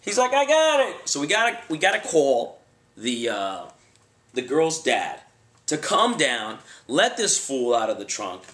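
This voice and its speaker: Male storyteller, casual and animated, reverberant room sound. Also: medium pitch, unhurried. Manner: animated, acts out voices in quotes. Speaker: bail enforcement agent.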